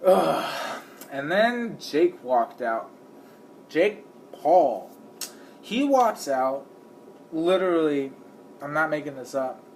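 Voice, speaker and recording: A man with a somewhat high voice rambles through casual commentary, leaning on fillers. He breaks into quick impressions of the people he talks about. A faint hum of noise sits behind him. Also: lively intonation, darkish tone. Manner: acts out the people he describes. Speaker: video creator.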